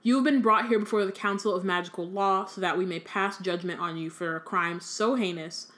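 A severe older judge pronounces harsh sentences in formal tones, read by a woman in close to her own voice. The delivery stays measured and stern, with no strong character voice. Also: medium pitch, a bit bright, close to an everyday voice.

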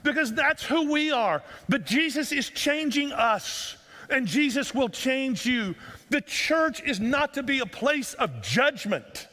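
High-voiced man preaching in a reverberant sanctuary. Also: animated, takes it slowly, bright, forceful tone. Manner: earnest, pleading, asks repeated rhetorical questions. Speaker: pastor. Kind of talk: sermon. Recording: long reverb of a large room.

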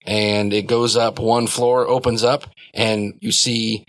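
A man's voice: fairly low pitch, level tone, takes it slowly, fairly bright tone, no echo. A man narrating a tabletop game as game master, describing scenes loosely with many fillers.

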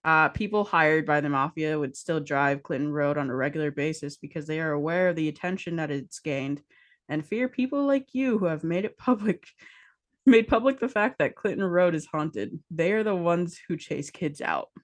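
A woman's voice: sits low, moderate pace, no echo. A woman co-hosting a casual podcast, teasing her co-host and reading aloud from a book.

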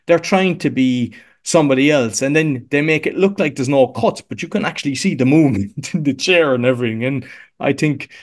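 A man's voice: mid-range voice, fairly quick. Chatty Irish man in a home studio. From Ireland. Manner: rambling, chatty, many restarts and "like"s. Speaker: podcast coach, guest. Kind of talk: casual interview chat. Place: home podcast room.

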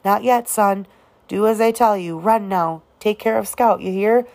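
A woman voicing a calm, gentle but firm father, in a slightly gravelly voice. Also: mid-range voice, unhurried, lightly acted.

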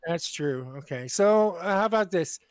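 A man's voice: high-pitched, lively intonation, normal speed, clear, resonant tone, no echo, studio quality. An American man co-hosting a podcast in casual comedy chat, often stammering and restarting. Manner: stammering, restarting, laughing easily. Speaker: podcast co-host.

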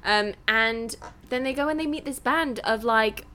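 Giggly English woman guest, high, bright, very animated. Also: unhurried. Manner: animated, giggly, acts out scenes. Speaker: podcast guest. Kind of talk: casual chat.

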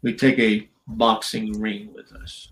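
A man voicing a stern older German wrestling trainer who talks in clipped, gruff phrases. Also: fairly low pitch, little pitch movement, slow, a bit bright, pitched below the performer's own voice. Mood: recounting.

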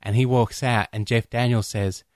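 Animated man, dry close sound. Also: normal speed, dry recording. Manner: enthusiastic, acts out quoted lines in a lowered voice. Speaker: podcast co-host. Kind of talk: casual film discussion.

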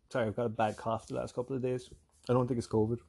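Gravelly Irish man with a toned-down accent. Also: medium pitch, little pitch movement, quick pace, darkish tone. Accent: softened Irish. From Ireland. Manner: chatty, profane, self-deprecating storytelling. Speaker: vlogger. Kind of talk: rambling casual monologue.

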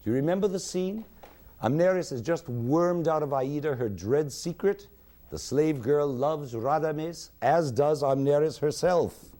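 A man giving a university music lecture in a hall, expressive and singing examples at the piano. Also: on the high side, unhurried, a little hiss or hum.

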